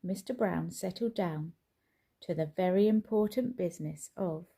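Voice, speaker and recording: In a fairly low, gravelly, husky voice, a woman reads a children's picture book aloud. Her delivery is slow and expressive, like a storyteller's.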